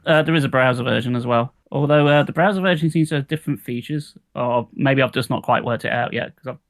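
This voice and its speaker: A man's voice: medium pitch, fast talker, dry recording. A man co-hosting a podcast, rambling casually with lots of fillers and some swearing. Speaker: podcast co-host. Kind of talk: casual chat.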